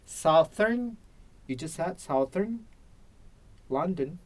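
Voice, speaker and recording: A man's voice: fairly high pitch, lively intonation, takes it slowly. An Indonesian man practicing spoken English, hesitant, often repeating and restarting while he searches for words. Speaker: English learner and teacher. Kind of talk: practice conversation.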